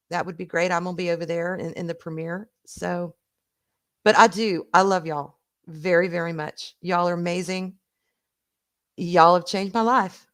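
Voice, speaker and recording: A middle-aged woman from the American South with a Southern accent, chatting casually and warmly with her stream audience, laughing often and swearing now and then. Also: lowish voice.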